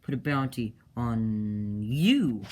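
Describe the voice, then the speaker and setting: A man's voice: mid-range voice, lively intonation, takes it slowly. Scheming male warrior played by a man, raised and accusing, faint hiss behind.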